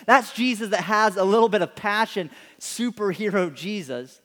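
A man preaching a sermon, telling stories in an animated way and acting out the scenes. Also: high-pitched, in a large hall. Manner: animated storytelling, acts out scenes. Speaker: pastor.

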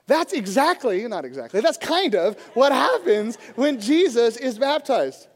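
High-voiced pastor preaching in a reverberant hall. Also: male voice, animated, fast, hardly any pauses. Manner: storytelling, acts out quoted voices. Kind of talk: sermon.

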